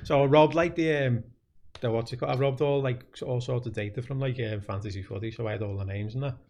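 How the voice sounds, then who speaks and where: A man's voice: medium pitch, quick pace, a little mellow. Young man, podcast host, chatty and laughing, rambling anecdotes. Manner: laughs a lot, rambling storyteller. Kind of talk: casual chat.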